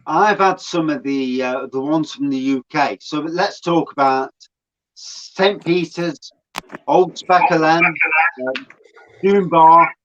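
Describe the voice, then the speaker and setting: Nottingham guy, slightly high voice, muffled lo-fi sound, sweary. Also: slow pace, fairly bright tone. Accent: Nottingham English. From Nottingham, England. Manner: sweary, laughing. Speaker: stream guest. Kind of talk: casual chat.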